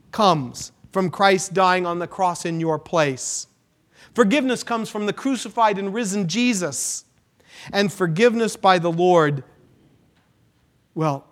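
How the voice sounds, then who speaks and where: Male pastor, sermon, high voice, slow deliberate delivery, dramatic hushed-to-loud swings. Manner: dramatic preaching with sudden hushed drops and rises.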